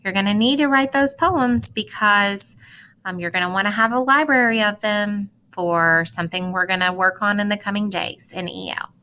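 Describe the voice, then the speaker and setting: A woman teacher gives a recorded lesson, reading short poems aloud slowly and carefully and telling students how to practice them. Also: mid-range voice, sharp tone. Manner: slow, careful, instructive read-aloud with clear phrasing.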